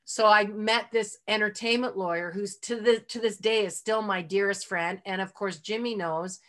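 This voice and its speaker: A woman's voice: medium pitch, steady tone, moderate pace, fairly bright tone. A middle-aged woman, a guest on a podcast, telling stories from her career in a chatty, heartfelt way, full of "like" and "you know". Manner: heartfelt, openly emotional. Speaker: interview guest. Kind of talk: casual storytelling in a podcast interview.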